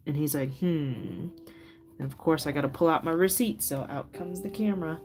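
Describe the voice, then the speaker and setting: A middle-aged woman with a low voice chats loosely with her live viewers. She laughs often and rambles through stories with plenty of fillers. Faint music plays quietly behind her. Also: moderate pace. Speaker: craft livestream host. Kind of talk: casual chat with live viewers.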